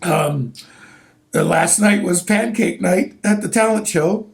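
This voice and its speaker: A middle-aged man co-hosting a podcast in casual chat, an animated storyteller who bursts into loud laughs. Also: high voice, slow pace, vocal fry. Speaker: podcast co-host.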